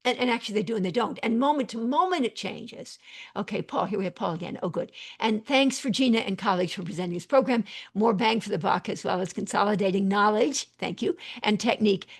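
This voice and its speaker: This is a woman running an online teaching session, speaking into a computer mic over a video call. Her voice has a gravelly fry and a husky edge. She wanders from point to point with many fillers, repeats key phrases, and stops often to thank participants by name. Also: medium pitch, fast. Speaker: psychiatrist and webinar teacher. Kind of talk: live online teaching, reading chat questions.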